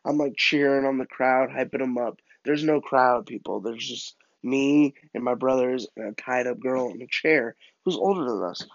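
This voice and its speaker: A man tells a comic story in a loose, animated, self-mocking way. His voice is mid-pitched, and the recording is dry and a little muffled. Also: normal speed, few pauses, dry recording.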